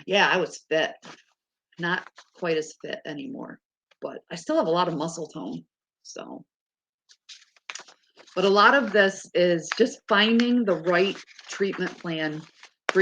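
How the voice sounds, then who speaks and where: A woman talking frankly and casually, swearing freely and laughing often as she tells stories. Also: lowish voice. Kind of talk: casual chat.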